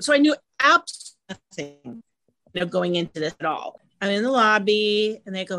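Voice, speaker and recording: A middle-aged woman guest talks through her stories with animated energy. Her voice sits in a middle pitch and keeps bouncing as she builds each anecdote. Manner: animated, quick storytelling with lively vocal swings. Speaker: guest actress. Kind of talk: casual interview storytelling.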